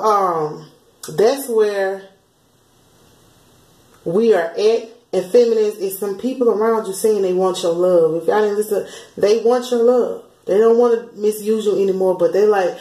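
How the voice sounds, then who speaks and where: A woman talks through spiritual messages in a loose, conversational way, acting out what others say in little quoted voices. Her voice sits at an ordinary middle pitch. The room around her is noticeably echoey. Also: unhurried, warm tone. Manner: chatty, laughs often, slips into sung lines and quoted voices. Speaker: spiritual channeler. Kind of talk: casual spiritual message vlog.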